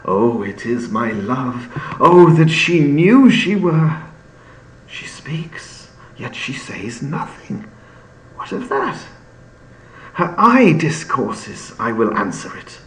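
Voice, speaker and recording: A man's voice: medium pitch, big pitch swings, slight background noise, voice pushed up. A man reading Romeo, lovestruck young poet. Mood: tender. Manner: declaiming verse slowly. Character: lovestruck young male Romeo, poetic and hyperbolic. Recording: echoey room with faint ambience.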